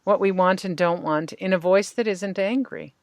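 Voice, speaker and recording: A woman hosting a podcast as a tapping practitioner, calmly guiding her guest through tapping points and phrases to repeat. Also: mid-range voice, moderate pace, no room sound, studio quality.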